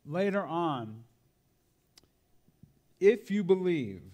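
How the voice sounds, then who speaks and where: Lively slow-talking preacher man. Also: sits high. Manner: animated, conversational, tags lines with "right?" and "man". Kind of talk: sermon storytelling.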